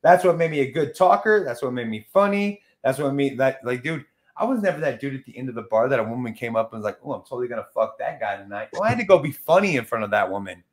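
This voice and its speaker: A young man hosting a casual podcast chat, loud and brash, swearing freely. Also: mid-range voice, animated, fast talker, hardly any pauses. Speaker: podcast host.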